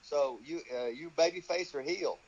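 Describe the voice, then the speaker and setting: A man's voice: fairly high pitch, moderate pace, breathy edge. An older man who trains wrestlers, telling profane stories in an interview and acting out the voices of the people he quotes. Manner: swears constantly, acts out quoted voices. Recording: dull lo-fi audio.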